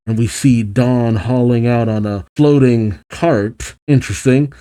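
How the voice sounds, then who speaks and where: A man casually reading a comic aloud and reacting to it, chatty and quick to laugh. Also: medium pitch, steady tone, warm tone, smooth. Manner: chatty, laughs often, narrates panels.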